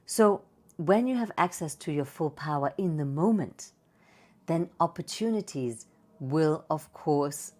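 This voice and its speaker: A woman voice coach giving a playful, expressive presentation with slides and vocal demonstrations. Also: low voice, unhurried. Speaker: voice and speaking coach.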